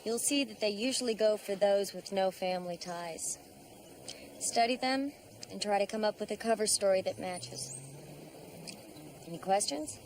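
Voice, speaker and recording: An actress playing a brisk, dry-witted female investigator in charge, in a TV drama. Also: mid-range voice, slight background noise, lightly acted. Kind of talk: TV drama acting. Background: music.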